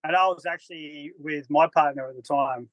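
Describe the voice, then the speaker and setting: A man telling a travel story as a podcast guest, lively and acting out what people said in a raised voice. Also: fairly high pitch, normal speed, no room sound, highs cut off. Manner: animated, acts out quotes in a raised voice. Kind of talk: casual storytelling.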